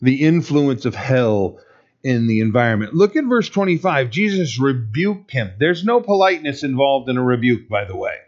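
A man's voice: medium pitch, sing-song, normal speed, muffled recording. A male pastor giving a conversational, emphatic sermon with rhetorical questions to the congregation.

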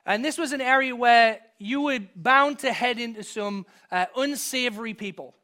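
A man's voice: very high-pitched, normal speed, bright, forceful tone. A man preaching a sermon, reading scripture and telling a personal story in a conversational way that rises to emphatic moments. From from outside the US. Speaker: pastor.

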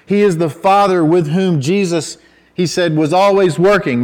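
A man preaching a sermon in a conversational way, with self-deprecating asides and restarts, who rises to loud, emphatic cries when quoting scripture. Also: fairly high pitch, moderate pace. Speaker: pastor.

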